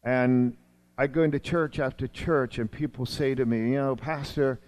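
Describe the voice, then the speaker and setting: A man in his sixties, a longtime pastor, preaching a sermon with emphatic swings between urgent raised lines and quiet low asides. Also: steady tone, moderate pace.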